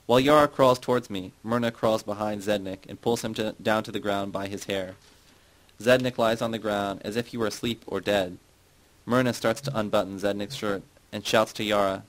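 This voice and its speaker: A man reading a novel aloud in a measured, plain audiobook narration. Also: fairly low pitch, steady tone, rough recording. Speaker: audiobook reader.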